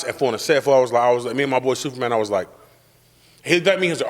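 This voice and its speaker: Speaking in rapid-fire bursts, a young podcast host with a mid-range voice brags his way through a slang-heavy, profane story during a casual chat. Long reverb trails behind his words.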